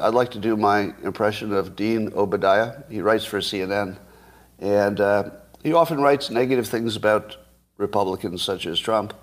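A man in his sixties hosting a live stream, talking in a sarcastic, mocking way. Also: fairly low pitch. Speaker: podcast host.

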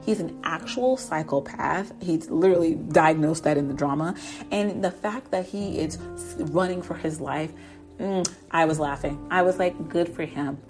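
A woman with a fairly low voice chats her way through a drama recap. She laughs often and slips into the characters' lines. Faint music plays underneath. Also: moderate pace, a little mellow. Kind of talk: casual episode recap.

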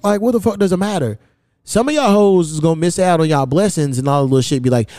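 A young man from hosting a podcast, telling loose, profane stories in casual chat and jumping his pitch high when he quotes someone. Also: fast, dark tone, no room sound, studio quality. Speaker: podcast host.

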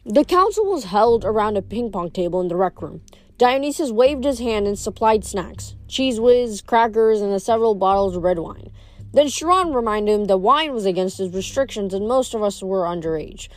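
A woman reading a novel aloud in a steady, plain narrating voice. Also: mid-range voice, normal speed. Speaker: audiobook reader.

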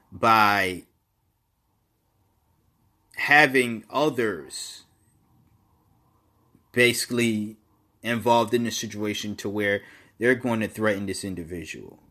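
A man speaks in a somewhat low voice at an unhurried, deliberate pace. He gives casual opinion commentary on his own, stumbling and repeating words before pressing each point with emphasis. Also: bright, forceful tone.

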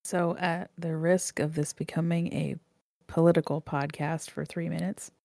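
A woman's voice: low voice, level tone, moderate pace, gravelly, a little mellow, no echo, studio quality. A woman co-hosting a podcast, telling things in a wry, matter-of-fact way. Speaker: podcast co-host, storyteller. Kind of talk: casual chat.

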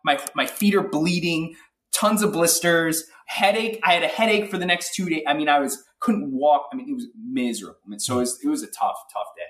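A man telling an animated, filler-heavy story as a guest in a casual interview. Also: fairly high pitch, a little fast, echoey room, recorded from a distance. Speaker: guest athlete.

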